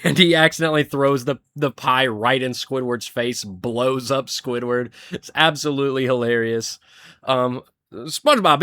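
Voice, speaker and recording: A young man, working as a show reviewer, ranks cartoon episodes in casual commentary, rambling along, swearing freely and chuckling often. His mid-range voice is a bit bright, with no echo.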